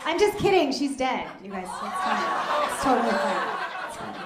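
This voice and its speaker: A woman in her thirties doing stand-up on stage, with a deadpan, chatty delivery. The room is echoey, and loud audience noise sits behind her. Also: on the high side, normal speed, over a noisy crowd. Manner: deadpan, conversational, drops into asides. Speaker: stand-up comedian. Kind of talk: stand-up comedy set. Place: stage at a live comedy fundraiser.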